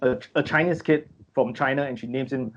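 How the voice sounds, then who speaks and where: A man's voice: mid-range voice, fairly even intonation, a little fast, lo-fi sound, slight background noise. A man chatting and joking casually on a podcast. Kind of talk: casual chat.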